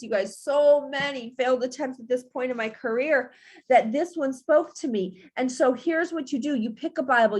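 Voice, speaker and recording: A middle-aged woman coaching her audience in a high, bright-pitched voice. She talks emphatically and preachily, hammering her points home by repeating phrases. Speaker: business coach. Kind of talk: motivational talk to camera.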